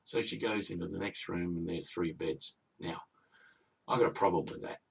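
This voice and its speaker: Low husky aussie bloke ranting through a fairy tale, kinda far off the mic. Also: male voice, normal speed. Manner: indignant, rambling, grumbling asides. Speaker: comic storyteller. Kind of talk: comic retelling of a fairy tale.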